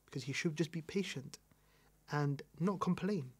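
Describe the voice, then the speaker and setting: A British man with a fairly high-pitched voice teaches a religious lesson. He presses his points home, repeats them for weight and throws questions back at the listener. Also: moderate pace, husky. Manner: emphatic, repeats key points, asks rhetorical questions. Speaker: Islamic teacher.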